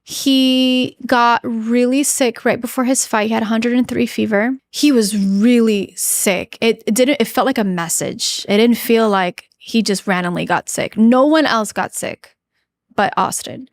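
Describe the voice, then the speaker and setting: Higher-voiced woman telling an emotional story. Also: measured pace, no room sound, studio quality. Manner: chatty, full of "like" and restarts; earnest, emotional recounting. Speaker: podcast guest. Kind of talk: personal storytelling in an interview.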